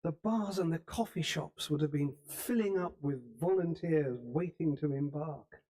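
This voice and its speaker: A man giving a storytelling history lecture in a church hall, unhurried, with small restarts now and then. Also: fairly high pitch, warm tone. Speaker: speaker giving a history talk.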